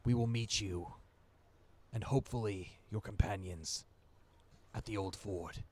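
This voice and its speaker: A grave, gruff shape-changer chieftain, voiced by a game master at the table speaks in a lowish, unhurried voice. Every word is slow and measured, heavy with solemn resolve. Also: male voice, warm tone. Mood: resolute. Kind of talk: voicing a character in a tabletop game.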